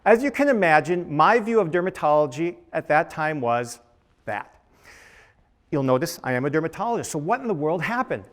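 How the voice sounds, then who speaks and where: Man, middle-aged, dermatologist on a panel, slightly high voice, storytelling, rhetorical questions, lecture room, podium mic. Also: animated, a little fast. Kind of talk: panel talk to students.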